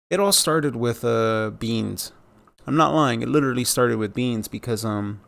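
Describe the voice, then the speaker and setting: Gravelly man rambling over news clips. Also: medium pitch, fairly bright tone. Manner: rambling, filler-heavy, sarcastic asides. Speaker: news commentary vlogger. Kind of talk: casual commentary on news clips.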